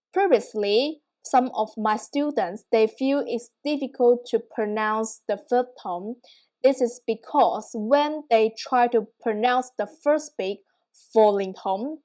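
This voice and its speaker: Slow, patient woman teaching tones. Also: a little high, warm tone. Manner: slow, patient, checks in with "yeah?". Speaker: Mandarin teacher. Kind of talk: online language lesson.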